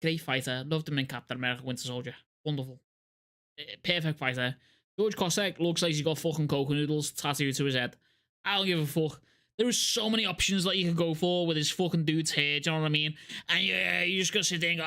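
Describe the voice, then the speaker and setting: A young man reacting to a video with loud, profane, excitable banter. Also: on the high side, fast. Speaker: YouTube reaction host.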